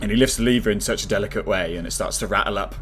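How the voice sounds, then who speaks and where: A man's voice: lowish voice, rapid-fire, fairly bright tone, a little hiss or hum. A young man, narrating a tabletop game as game master in a laid-back way, often laughing.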